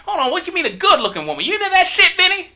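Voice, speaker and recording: A man's voice: very high-pitched, wildly swooping pitch, rapid-fire, pushed and bright. Sex: man. Role: podcast co-host. Style: casual comedic chat. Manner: blunt, dismissive.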